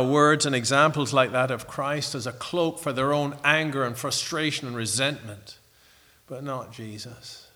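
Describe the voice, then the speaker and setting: A middle-aged man preaching a sermon in an earnest, reflective way, pausing and restarting as he tells a story. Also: medium pitch, pushed and bright.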